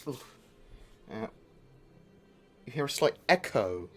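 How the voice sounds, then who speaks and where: Speaking slowly in an animated, medium-pitched voice, this streamer chats while playing a video game live. His talk drifts and meanders with many asides, and faint music runs underneath.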